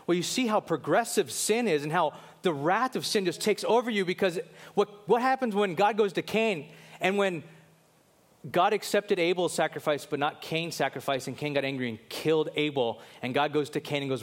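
Here a male pastor preaches, his delivery moving from forceful questions down to hushed passages, with fast asides where he plays characters from the Bible.

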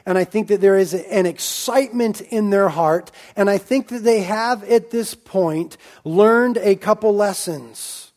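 A man delivers a sermon in a high voice. He keeps it conversational and acts out the lines of the people in the story. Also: unhurried, hardly any pauses, a little mellow. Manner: conversational preaching with acted-out quotes. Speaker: preacher.

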